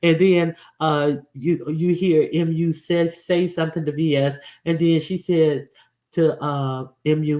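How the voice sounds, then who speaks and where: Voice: mid-range voice, fairly even intonation, unhurried, a little mellow. A commentator talking casually and bluntly, recounting events with many restarts and fillers.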